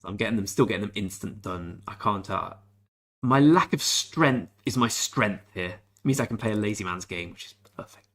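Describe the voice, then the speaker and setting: Young English male game streamer, low-ish register, laid-back banter. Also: normal speed, fairly bright tone. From England. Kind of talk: casual livestream chat with viewers.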